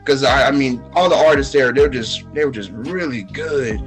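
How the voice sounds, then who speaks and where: A man's voice: medium pitch, moderate pace, soft background music, low-quality recording. A young man with a Texas accent, telling stories in a casual podcast chat, acting out quotes with many fillers and restarts. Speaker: podcast guest.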